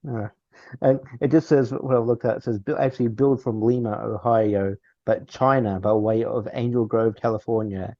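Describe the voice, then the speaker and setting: A man's voice: mid-range voice, steady tone, moderate pace, dry recording. A man co-hosting a casual film review podcast, rambling with lots of restarts and chuckles. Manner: rambling with many restarts and laughs. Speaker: podcast co-host. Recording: dull dry lo-fi sound.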